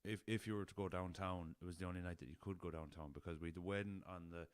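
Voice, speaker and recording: A young man with a west of Ireland accent hosts his own podcast, spinning loose, rambling stories full of swearing and chuckles. His voice sits very low and comes across smooth and resonant. The recording is dry and close, with no room sound. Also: steady tone, fast, no echo. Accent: Irish, west of Ireland. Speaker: podcast host. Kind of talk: casual storytelling.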